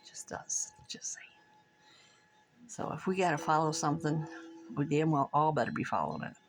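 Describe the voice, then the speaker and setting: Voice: mid-range voice, lively intonation, normal speed, over music. A middle-aged vlogger chatting casually over coffee, frank and profane, rambling and laughing between thoughts.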